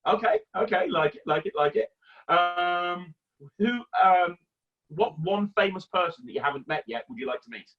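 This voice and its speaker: A man hosting a casual interview, asking quick questions with lots of hesitation and laughs. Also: high voice, lively intonation, narrow, tinny audio, soft background music. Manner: hesitant, laughs often, friendly. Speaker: interviewer host.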